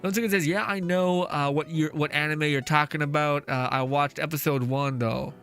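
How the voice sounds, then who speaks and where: A man's voice: fairly high pitch, fairly even intonation, normal speed, a bit bright. A male streamer chatting casually while he plays, reading chat aloud, swearing often and laughing easily. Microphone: face mask on while talking. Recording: faint music behind the voice.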